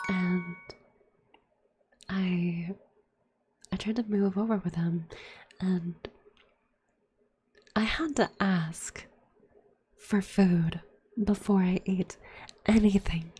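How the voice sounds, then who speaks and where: A young woman talks in a whispered ASMR chat, her voice airy and breathy at an ordinary middle pitch. She tells her story candidly with plenty of fillers and swearing. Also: mellow. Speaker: streamer.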